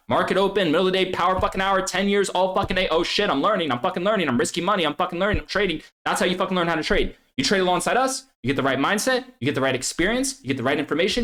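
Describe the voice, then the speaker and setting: A man's voice: sits high, a bit bright. Profane hype-man rant from a man. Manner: profane, hard-selling, swears constantly; hype-man energy, repeats slogans. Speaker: trading group host. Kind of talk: hyped promotional vlog rant.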